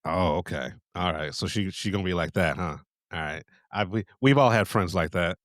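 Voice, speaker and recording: Male podcast co-host, low-pitched, laid-back conversationalist. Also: moderate pace, no room sound, clean studio sound. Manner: laid-back, brief agreeing replies. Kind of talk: casual chat.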